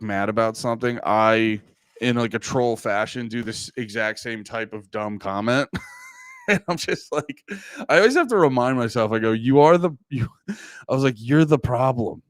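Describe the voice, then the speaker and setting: A man's voice: mid-range voice, clear, resonant tone, no echo, clean studio sound. A man in his thirties hosting a livestream, rambling casually with profanity and frequent laughs. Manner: profane, self-mocking, laughs often. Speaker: livestream host.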